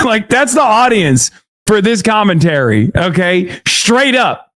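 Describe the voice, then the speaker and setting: A man's voice: high-pitched, sing-song, unhurried, a bit bright. A man streaming, reacting in casual chat, blunt and profane, laughing often.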